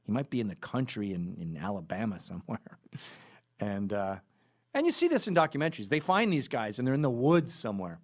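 A man tells a rambling anecdote on his podcast, stepping away from it for asides and fixing his words as he goes. His pitch swings widely, and he slips into the voices of the people he describes. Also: sing-song, brisk. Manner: acts out quoted voices in the stories. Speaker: podcast host. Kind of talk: casual storytelling monologue.

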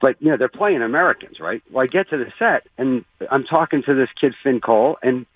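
Actor guest, husky voice, swinging pitch, heard over a phone-like line. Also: male voice, brisk. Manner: animated, showman-like storyteller. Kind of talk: casual radio interview.

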